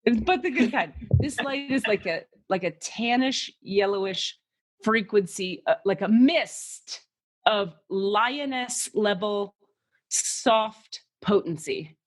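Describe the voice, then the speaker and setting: On her laid-back spiritual podcast, this psychic channeler, a woman with a mid-range voice, talks animatedly about energies she channels and describes. She curses readily and performs voices and sound effects as she goes.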